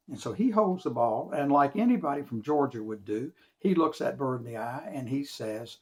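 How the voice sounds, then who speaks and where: A man telling a tall tale in a folksy, drawn-out storytelling manner. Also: medium pitch, lively intonation.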